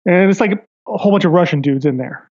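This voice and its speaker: High-voiced rambling man, lo-fi sound. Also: quick pace, darkish tone. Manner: rambling, lots of fillers, acts out quotes. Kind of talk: casual chat, storytelling.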